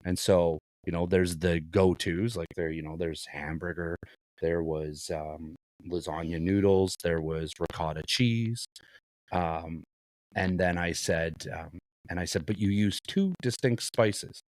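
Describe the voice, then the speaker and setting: A man co-hosting a podcast, telling animated anecdotes with swearing and laughter. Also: deep voice, a little slow, no echo. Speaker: podcast co-host. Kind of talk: casual podcast chat and storytelling.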